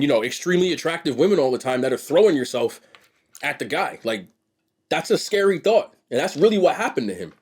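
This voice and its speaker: A young man vlogging in a relaxed, chatty way, throwing rhetorical questions straight at his audience. His voice sits a little higher than most men's and has a husky edge. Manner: animated, rhetorical, talks straight to viewers. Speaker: mukbang vlogger. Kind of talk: casual commentary to camera.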